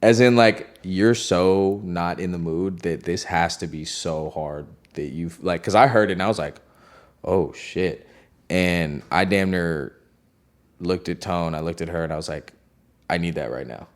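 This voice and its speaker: A man's voice: deep voice, moderate pace. A man, a music producer, telling a studio story in a loose, slangy way, heavy on "like". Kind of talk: casual storytelling.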